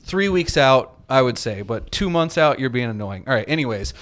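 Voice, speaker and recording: A man's voice: mid-range voice, expressive, normal speed, a bit bright. A man hosting a casual podcast as a DJ, sarcastic and profane, laughing often. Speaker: DJ and podcast host. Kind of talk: casual chat.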